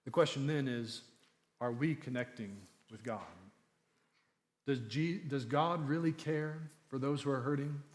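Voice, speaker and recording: A man's voice: mid-range voice, measured pace. A man preaching a sermon in an earnest, emphatic teaching manner, with repeated phrases for stress.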